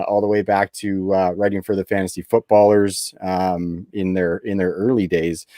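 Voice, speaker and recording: An easygoing man from Canada hosts a sports podcast, laughing often and leaning on filler words. His voice is low and mellow, recorded dry and close. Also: no room sound. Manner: relaxed, laughs easily, many fillers. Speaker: podcast host. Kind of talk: casual podcast chat.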